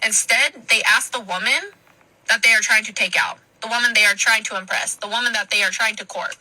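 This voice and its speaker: Sharp, bright woman, sarcastic lecture, dry close mic. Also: on the high side, brisk, no room sound, rough recording.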